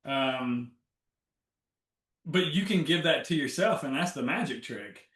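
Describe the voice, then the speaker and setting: Bright, roomy man telling his story. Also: fairly high pitch, unhurried. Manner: animated storytelling, acts out inner dialogue. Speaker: guest, health coach. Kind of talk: casual interview talk. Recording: roomy, from a distance.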